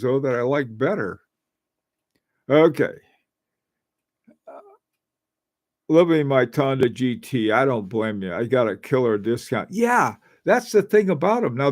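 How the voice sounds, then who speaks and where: A man's voice: mid-range voice, darkish tone, dry recording. Chatty older man, dry close sound. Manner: chatty, rambling, laughs often. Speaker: livestream host. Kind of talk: casual livestream chat reading viewer comments.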